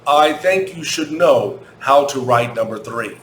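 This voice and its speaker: Slow, patient American man teaching. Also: medium pitch, expressive, a bit bright. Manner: slow, repetitive, spells words out letter by letter. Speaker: English teacher. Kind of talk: recorded English grammar lesson for children. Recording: echoey room, faint background hum.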